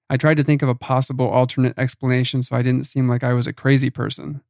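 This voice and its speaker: Gravelly man narrating a horror story. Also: mid-range voice, flat delivery, brisk, hardly any pauses, darkish tone, dry recording, studio quality.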